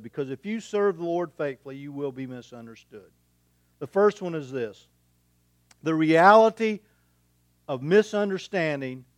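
Middle-aged guy preaching, folksy and chatty, kinda high voice, dry close sound. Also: no echo. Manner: folksy and conversational, with homespun humour and rhetorical questions. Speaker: pastor. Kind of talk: sermon.

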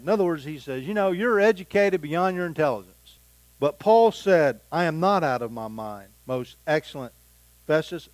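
A man's voice: a little high, normal speed, darkish tone, no echo, rough recording. A man teaching a Bible passage verse by verse, reading scripture aloud and then explaining it in plain everyday words.

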